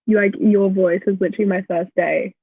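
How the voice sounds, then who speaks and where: A young woman with an Australian accent, joining a podcast as a guest and teasing her friend with frequent laughter. Her voice is slightly husky. She comes through a tinny, phone-like call line, dry with no room sound. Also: medium pitch, fairly even intonation, fairly quick, dry recording. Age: young adult. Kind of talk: casual chat.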